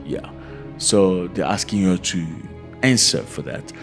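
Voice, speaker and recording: Low-voiced man chatting to his viewers. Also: lively intonation, takes it slowly, over music. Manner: conversational, asks the viewer rhetorical questions; addresses viewers as fellas. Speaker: commentary channel host. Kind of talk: casual commentary to camera.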